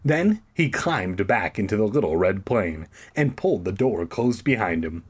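A man reading a story aloud for comedy, with sarcastic, profane, deadpan asides. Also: lowish voice, normal speed, slightly rough. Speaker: audiobook reader.

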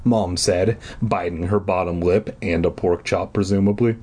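A man's voice: sits low, steady tone, moderate pace, a little mellow, husky. A man reading a children's horror book aloud and then chatting in a crude, sarcastic, rambling way. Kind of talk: storybook reading and casual chat.

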